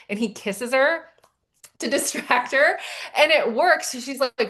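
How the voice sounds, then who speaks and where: Her voice sits on the high side and moves at a moderate pace. Co-hosting a relaxed conversation, this romance author brings a scene from her novel to life, leaning heavily on "like" and performing the characters' lines.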